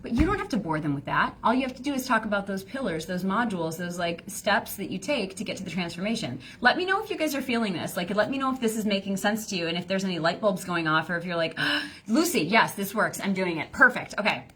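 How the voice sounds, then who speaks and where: A woman's voice: mid-range voice, lively intonation, fast talker, hardly any pauses, fairly bright tone, a little hiss or hum. Chatty woman coaching on a live stream. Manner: chatty, rambling, lots of fillers and playful voices. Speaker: business coach. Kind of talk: casual live-stream teaching.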